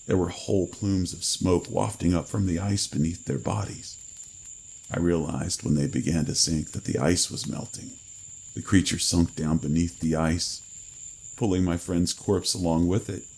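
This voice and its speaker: A man reading a horror story in a measured, grave manner with dramatic pauses. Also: low-pitched, vocal fry, a little mellow, husky, low-quality recording. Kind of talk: scripted horror narration.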